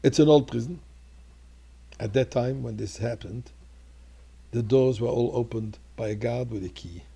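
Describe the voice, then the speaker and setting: An older male rabbi preaches and tells a story in a low, gravelly, husky voice. His tone is dark and mellow. He speaks earnestly and builds to fervent peaks. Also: moderate pace. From Montreal. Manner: earnest, rising to fervent exclamations. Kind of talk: storytelling sermon.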